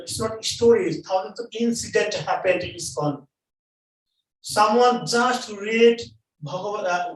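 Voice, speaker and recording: A man preaching a sermon at a temple, telling a story in halting English and repeating phrases for emphasis. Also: high-pitched. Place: temple hall. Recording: echoey hall, mic at a distance.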